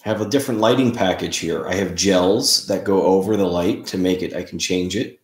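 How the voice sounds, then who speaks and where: A man hosting a casual live stream, chatting in a relaxed way and greeting viewers by name. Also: sits low, brisk. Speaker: livestream host. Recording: roomy, echoey room sound.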